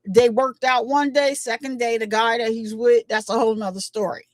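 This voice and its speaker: High-voiced woman chatting about a clip. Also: fairly even intonation, moderate pace, no echo. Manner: chatty, emphatic, retells quotes. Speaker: commentary channel host. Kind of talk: casual commentary on a clip.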